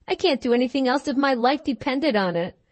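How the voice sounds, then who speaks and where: A woman reading the part of an idle gentleman husband who answers with lazy mockery. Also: sits high, animated, brisk, dry recording. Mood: mocking.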